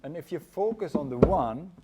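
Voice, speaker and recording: A man giving a relaxed drum lesson, counting beats aloud and singing the rhythms as he plays. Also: fairly high pitch, moderate pace, heavy background noise. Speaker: drum teacher. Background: hand drum playing.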